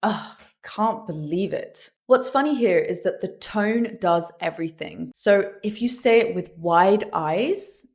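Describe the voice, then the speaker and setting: Young British woman, lively language teacher voice, dramatizes example phrases. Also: medium pitch, unhurried, few pauses. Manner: acts out example lines with gasps and sighs. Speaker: English teacher. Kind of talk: scripted lesson.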